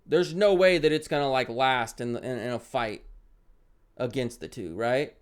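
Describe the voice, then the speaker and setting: A young man with a mid-range voice streams a parenting game, unhurriedly reading its text aloud and reacting with loud outbursts and muttered asides.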